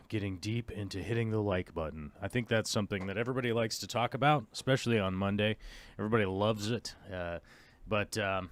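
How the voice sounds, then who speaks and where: A man's voice: fairly low pitch, fairly quick, no echo. Rambling man in his forties, dry sound. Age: 40s. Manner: rambling, self-mocking, many fillers. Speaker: host. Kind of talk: casual live-stream chat.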